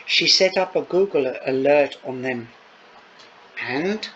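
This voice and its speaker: A man's voice: mid-range voice, animated, slow pace, fairly bright tone. A man reading a novel aloud, voicing a tense young man who speaks tightly and guardedly. Dull lo-fi recording with faint noise.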